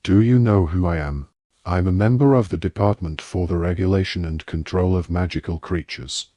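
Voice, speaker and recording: A man's voice: sits low, measured pace, darkish tone, breathy edge, no room sound. A man voicing a stern, suspicious ministry wizard who interrogates sharply.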